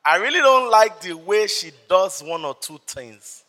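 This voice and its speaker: Bright-voiced Nigerian pastor preaching. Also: male voice, high voice, measured pace. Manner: animated storytelling, acts out voices. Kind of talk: sermon. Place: church service.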